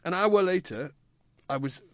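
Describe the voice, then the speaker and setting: A man's voice: high voice, lively intonation, measured pace, fairly bright tone, dry recording. A man in his forties hosting a radio show, telling a rambling self-mocking story in casual chat. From Wales. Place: radio studio. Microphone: studio microphone.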